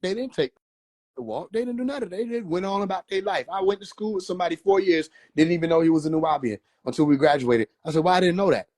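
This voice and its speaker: A man's voice: sits high, quick pace, a little mellow, no room sound, studio quality. A man telling a loose, profane story on a phone livestream, laughing often as he talks. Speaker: livestream host.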